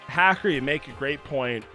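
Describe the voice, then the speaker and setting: A man's voice: medium pitch, measured pace, soft background music. A young man live-streaming a video game and talking to his chat, frantically exasperated one moment and deflated the next. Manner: frantic, swings from exasperated shouting to deflated mumbling.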